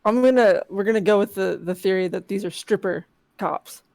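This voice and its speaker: A woman co-hosting a text adventure stream, chatting casually with playful deadpan jokes and reading story lines aloud. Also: medium pitch, brisk, vocal fry, dry recording. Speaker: co-host playing a text adventure game.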